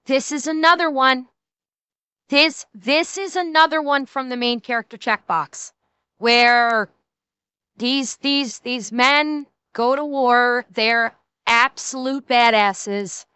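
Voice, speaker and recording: A woman's voice: high voice, slow pace, bright, forceful tone, clear, resonant tone, no room sound. A woman streamer reacting to a video in casual commentary, blunt and profane, trailing off mid-thought.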